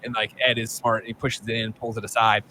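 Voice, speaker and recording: A man in his thirties rattles through a movie recap at a rapid clip, his voice bright and a touch high. He talks animated and profane, as a podcast host would in casual chat. A faint hiss sits under the recording. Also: low-quality recording. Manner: animated, profane storytelling with acted-out quotes.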